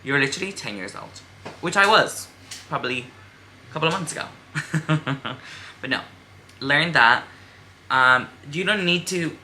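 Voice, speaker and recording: A woman's voice: sits low, pushed and bright, a little hiss or hum. A woman in her twenties chatting candidly and emphatically while doing her makeup, swearing freely. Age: 20s. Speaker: beauty vlogger. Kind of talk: casual get-ready-with-me chat.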